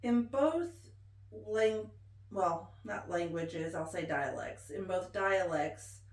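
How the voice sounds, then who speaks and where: Slow, folksy woman with Appalachian-Ozark twang. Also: on the low side, expressive. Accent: Appalachian and Ozark blend. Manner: slow, homey and folksy with laughs. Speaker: interviewee. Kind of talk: oral history interview. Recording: roomy echo.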